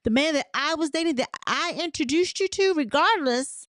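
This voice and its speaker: A woman's voice: high-pitched, lively intonation, normal speed, fairly bright tone, a little hiss or hum. A woman hosting a casual recap show, retelling the dialogue in a chatty, storytelling way with candid, opinionated asides. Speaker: host of a reality TV recap show.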